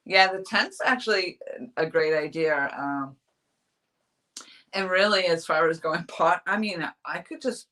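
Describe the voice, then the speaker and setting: A woman from New Hampshire with a bright, forceful voice talks her way through a casual live stream. She rambles, restarts her sentences and laughs often while reading viewers' chat as a fishing vlogger. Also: on the low side, a little slow.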